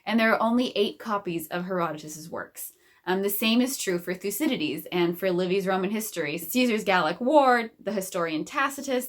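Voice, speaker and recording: A young American woman presenting a casual video lesson in a chatty, playful way with plenty of fillers. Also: medium pitch. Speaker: catechist presenter. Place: indoors in front of a bookshelf.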